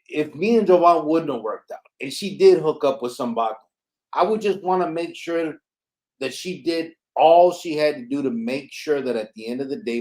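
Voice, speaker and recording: A man's voice: a little high, darkish tone. A man hosting a podcast, making his point with emphatic rhetorical questions. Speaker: podcast host. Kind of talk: casual chat.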